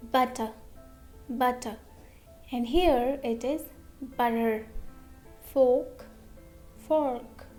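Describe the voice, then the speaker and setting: A woman's voice: high-pitched, warm tone. A woman teaching English pronunciation, saying example words twice and checking in with "okay?" after each point. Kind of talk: slow pronunciation lesson.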